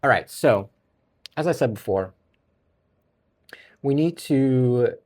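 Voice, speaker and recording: A man's voice: medium pitch, expressive, takes it slowly, darkish tone. A middle-aged man with a Brooklyn accent hosting a casual solo podcast, rambling and often restarting his sentences. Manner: rambling, self-correcting, chuckles often. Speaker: podcast host.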